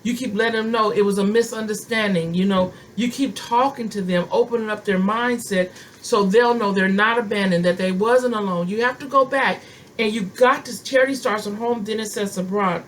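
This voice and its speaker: Middle-aged woman preacher, fervent sermon delivery, repeats lines for emphasis, ordinary pitch, a little background noise. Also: normal speed. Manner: impassioned, emphatic repetition. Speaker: prophetess.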